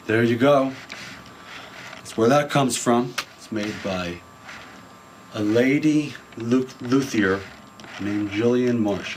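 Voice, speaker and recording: A man's voice: lowish voice, a little hiss or hum, rough recording. Laid-back, blunt male guitarist. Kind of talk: casual show-and-tell about his gear.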